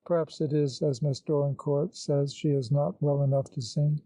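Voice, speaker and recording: A man's voice: fairly high pitch, fairly even intonation, normal speed, warm tone, no echo, poor audio. A man voicing a nervous male organist who speaks in an apologetic, pleading way, in an audiobook.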